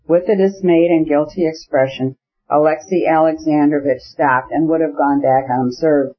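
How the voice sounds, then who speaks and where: Guy reading a classic novel, kinda high voice, steady pace, dull lo-fi sound. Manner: measured, even reading. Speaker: audiobook narrator. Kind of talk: scripted narration. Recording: dull lo-fi audiobook recording.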